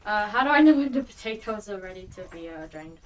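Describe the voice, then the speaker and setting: A woman's voice: medium pitch, lively intonation, quick pace, recorded from a distance, rough recording. A woman, the streamer's daughter, chatting casually in a hesitant, unsure way. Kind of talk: casual chat. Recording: voice from off-mic.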